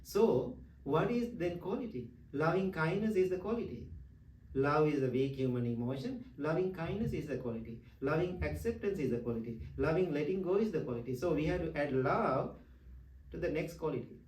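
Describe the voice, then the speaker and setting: A middle-aged man who is a Buddhist monk, giving a dharma talk in broken English learned as a second language, animated and laughing often. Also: on the high side, fairly quick, slight background noise. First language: not English. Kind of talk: dharma talk with personal stories. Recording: roomy hall, distant mic.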